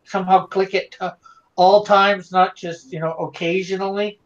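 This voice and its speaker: A co-host of a livestream reading chat comments in a halting, filler-heavy way. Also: mid-range voice, level tone, dull audio.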